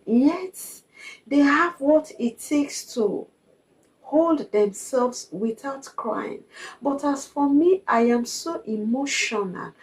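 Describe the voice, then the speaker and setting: A woman speaks in a slow, deliberate way in her reflective personal vlog. Her voice sits a little high. She sounds earnest and confiding, and she circles back to the same points for emphasis. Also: low-quality recording. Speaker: vlogger.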